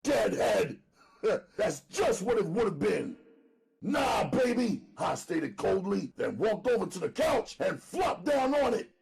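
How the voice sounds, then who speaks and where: A man narrating an audiobook dramatically, loud and emphatic, often near shouting. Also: sits high, big pitch swings, measured pace, gravelly, slightly rough.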